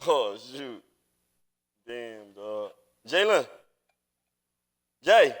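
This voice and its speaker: A man's voice: medium pitch, big pitch swings, very slow. A man chatting casually while gaming on a live stream, rambling and teasing with lots of profanity. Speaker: streamer and father.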